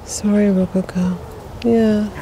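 A woman's voice: mid-range voice, steady tone, takes it slowly, noisy background. A woman vlogging while walking her cat outdoors on a neighborhood street, chatting casually and cooing at the animals. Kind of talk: casual chat.

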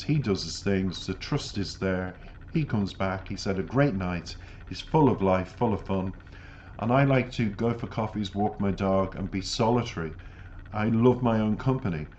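A man's voice: lowish voice, moderate pace, darkish tone. A man hosting a music reaction channel, giving reflective commentary and earnest, emphatic life advice. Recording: dull lo-fi audio with faint noise.

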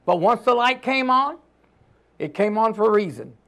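A man preaching a sermon as pastor, emphatic, swinging between loud declarations and hushed lines and calling on the congregation to repeat after him. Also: sits high, lively intonation, normal speed.

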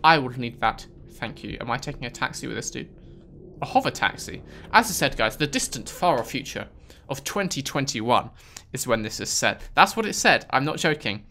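A British gaming video host gives casual gameplay commentary in a bright, forceful, creaky voice. His sing-song delivery swings widely in pitch at a moderate pace, and he reacts with dry sarcasm and growing exasperation.

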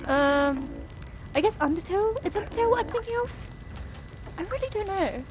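A woman's voice: extremely high pitch, lively intonation, fairly quick, pauses often, noisy background. A woman giving casual, chatty let's play commentary, thinking aloud as she plays and reading out game text. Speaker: gaming video creator. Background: loud game music.

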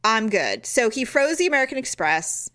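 A woman co-hosting a podcast, telling a story in casual chat and acting out her own quotes in high squeals. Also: very animated, moderate pace, a bit bright. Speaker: podcast co-host.

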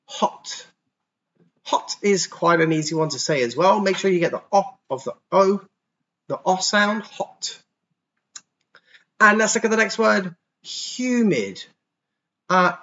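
A man teaching English to young children online, explaining words patiently and sounding them out slowly and clearly. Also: high-pitched, fairly bright tone, highs cut off. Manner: patient, slow, over-articulated pronunciation demos. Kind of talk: online class for kids.

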